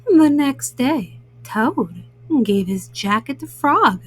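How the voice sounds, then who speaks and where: A woman reads a children's bedtime story in a gentle, soothing voice. Her voice sits high and lilts up and down. She takes the lines slowly, speaking to young listeners. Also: sing-song, breathy edge, poor audio.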